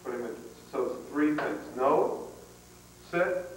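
A man's voice: on the high side, takes it slowly, a little hiss or hum. A man leading a dog training seminar, talking in a plain, folksy way with frequent restarts. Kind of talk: live seminar talk. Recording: echoey hall, far from mic, 1990s tape.

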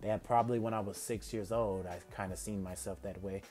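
Man reading a calm eight-year-old demon boy: quiet, measured, confident. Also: soft background music, close to an everyday voice. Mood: cool. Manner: calm, low, measured delivery.

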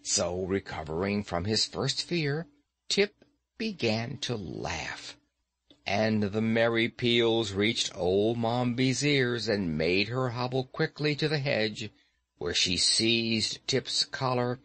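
A male audiobook narrator who reads slowly and expressively. His pitch rises and falls with the story, and the dry, close sound leaves nothing around his voice. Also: animated, a bit bright, no echo. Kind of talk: scripted narration.

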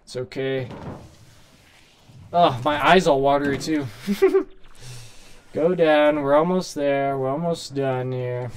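A man doing casual, excitable gameplay commentary, swearing and shouting at his character while saying he is hungry and tired. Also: on the high side, slow pace, long pauses, a little hiss or hum. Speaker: gaming streamer.

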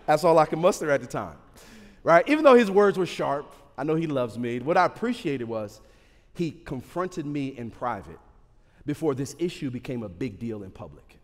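Animated, joking male preacher in a hall. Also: on the high side, normal speed. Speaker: pastor. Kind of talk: sermon. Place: large church hall. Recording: hall reverb.

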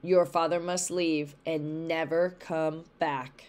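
A woman reading aloud as a gruff, lonely male beast in a storybook. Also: low voice, little pitch movement, slow, darkish tone. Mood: gruff, sad.

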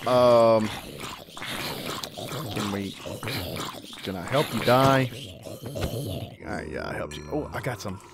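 A man's voice: medium pitch, takes it slowly, long pauses, background noise. A man giving casual, chatty commentary while playing a video game, often yelping when startled. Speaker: let's play gamer.

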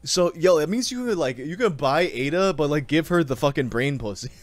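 A man streaming from a home setup on a desk mic, giving loud, crude, mocking commentary with bursts of laughter. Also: fairly high pitch, expressive, brisk, no room sound, faint music behind. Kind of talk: casual profane live-stream commentary.

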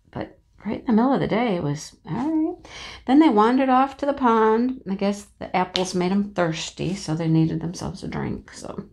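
A woman vlogging from her home office in a casual, chatty storytelling way, animated and acting out the voices in her story. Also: fairly low pitch. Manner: animated, acts out voices in anecdotes, laughs often. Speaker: crafting vlogger.

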